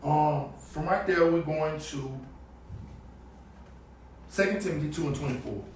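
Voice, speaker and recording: A man preaching on the street, fiery and emphatic, swinging between loud and low. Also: unhurried. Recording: echoey, distant outdoor recording with faint background noise.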